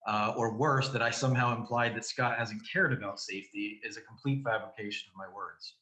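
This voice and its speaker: A man, a committee member, giving a firm, measured prepared statement at a board meeting. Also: on the low side, steady tone, bright, forceful tone, echoey room, poor audio.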